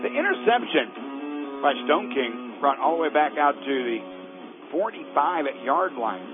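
Over a tinny phone-line radio feed with music behind him, a play-by-play announcer calls college football live from the press box. His voice sits on the high side and is very animated, and on big plays he climbs sharply and drags out his words.

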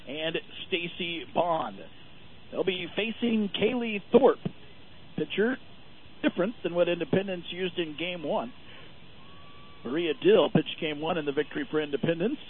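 A man calling a softball game as a radio play-by-play announcer from behind home plate, steady and informative, loud and high on big plays. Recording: phone-like lo-fi radio feed with faint noise.

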